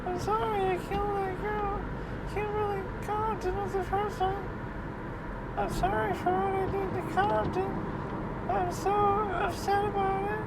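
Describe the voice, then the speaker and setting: A weepy, remorseful killer speaks in a thin, tearful falsetto pitched far above a normal male voice, slow and pleading. The mic sits some way off, with the clear hum of street traffic behind. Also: little pitch movement. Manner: slow, halting, pleading delivery.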